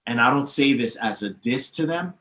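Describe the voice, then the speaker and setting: This man's voice sits at medium pitch, a bit bright, with lively intonation and a moderate pace. As a podcast guest and DJ teacher, he explains at length with confident emphasis, running through names and history; the room sounds echoey.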